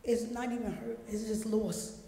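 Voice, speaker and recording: A woman's voice: on the high side, level tone, moderate pace, warm tone. Grieving mother pleading in an echoey chamber. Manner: pleading, repetitive questioning. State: grief-stricken. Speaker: grieving mother speaking at public comment. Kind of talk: public statement at a council meeting. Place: large council chamber. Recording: echoey chamber with long reverb, faint noise.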